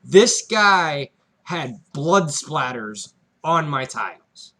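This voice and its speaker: Animated man telling a story. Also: fairly high pitch, very slow. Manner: animated storyteller, swears, voice jumps up when reenacting. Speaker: podcast co-host. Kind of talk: casual storytelling chat.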